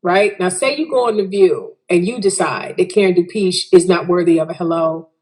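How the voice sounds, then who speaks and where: A woman's voice: fairly low pitch, moderate pace, a little mellow. A woman guest in a casual interview, giving emphatic, preachy advice. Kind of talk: casual chat.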